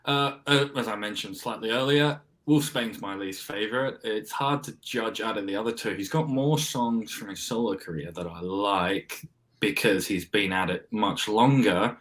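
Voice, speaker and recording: A man, co-hosting in a stoic, measured way. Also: on the low side, a bit bright. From Australia. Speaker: co-host.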